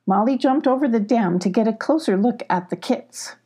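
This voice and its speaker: An older woman reading a children's storybook aloud as a grandmotherly storyteller, gently. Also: a little high, normal speed. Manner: gentle, doing character voices.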